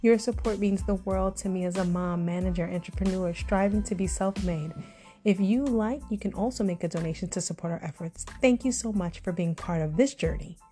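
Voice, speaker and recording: A woman's voice: medium pitch, a little fast, warm tone, faint music behind. A woman in her forties with a New York accent, hosting her own podcast and telling personal stories in a chatty, confident way. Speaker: podcast host. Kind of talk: casual personal monologue.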